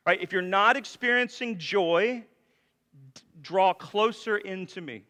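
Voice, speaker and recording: Male pastor, bright and forceful tone, chatty sermon delivery, long church reverb. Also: high-pitched, measured pace. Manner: conversational preaching with frequent rhetorical questions. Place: church sanctuary.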